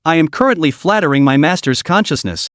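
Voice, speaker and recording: A man voicing a cold, scheming divine apparition who speaks in a measured tone, with a lively voice on a dry recording. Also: on the high side, dry recording.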